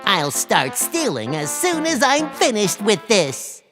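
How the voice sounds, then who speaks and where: Greedy barky stray dog guy, done by a woman, slow and swoopy, bit of music behind. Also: medium pitch, wildly swooping pitch, a bit bright, full character voice. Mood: gleeful. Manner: barking, grumbling, boastful. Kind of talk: children's storybook voice acting.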